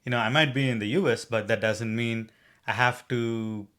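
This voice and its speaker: A man's voice: mid-range voice, steady tone, moderate pace, a bit bright, smooth. Indian guy w indian accent, mid voice, earnest and emphatic, casual podcast chat. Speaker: podcast co-host. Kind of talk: casual conversation.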